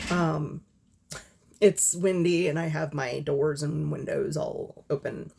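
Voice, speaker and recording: A woman speaks candidly to camera about her own life, her voice low and a bit husky. She talks in halting bursts with frequent fillers and blunt swearing, recording at home. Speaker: vlogger. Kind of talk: personal storytelling to camera. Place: home with doors and windows open, windy.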